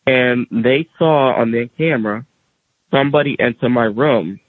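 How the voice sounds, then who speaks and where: A man's voice: mid-range voice, a little slow, background noise. A man telling his own story in a casual way, acting out other people's voices as he goes. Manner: animated, acts out quoted voices. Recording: tinny phone-like radio audio.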